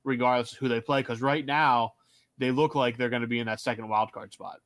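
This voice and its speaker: A man's voice: medium pitch, fairly quick, no room sound. Dry-sounding male podcast co-host. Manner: relaxed, rambling with fillers and restarts. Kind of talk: casual hockey chat. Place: Pittsburgh area.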